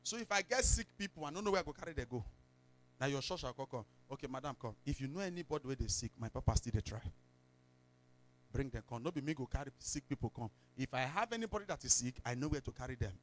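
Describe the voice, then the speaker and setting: A Nigerian-accented pastor delivers a church sermon full of stories, drifting into pidgin and erupting in sudden shouts. His mid-range voice moves quickly with lively intonation.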